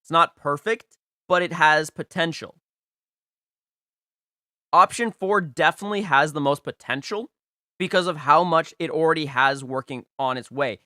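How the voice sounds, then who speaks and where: A young man hosts a casual live stream, talking through viewers' game teams. His voice sits a little high and has a bright, forceful edge. He is emphatic and playful, hammering points home by repeating them. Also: normal speed, dry recording, studio quality. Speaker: livestream host rating viewers' game teams.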